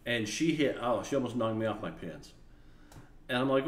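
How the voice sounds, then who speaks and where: At a normal speed and in a mid-range voice, a man tells a casual story about work to camera, vividly acting out the other people in it. Faint background noise can be heard in the echoey room.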